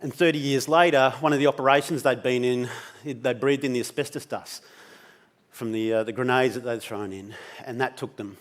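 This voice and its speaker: A man's voice: mid-range voice, fairly even intonation, normal speed. Intense Australian man telling a story. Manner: intense, emotional, swears freely. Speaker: keynote speaker. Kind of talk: personal storytelling talk.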